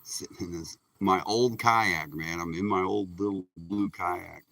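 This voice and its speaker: Easygoing angler from Michigan, low and bright-toned, live-streaming from a kayak; the mic sits a little far off outdoors. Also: male voice, fairly even intonation, unhurried, gravelly, dry recording. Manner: laid-back, chatty, folksy. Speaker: fishing streamer. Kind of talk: casual live-stream chatter. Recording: distant mic outdoors with faint noise.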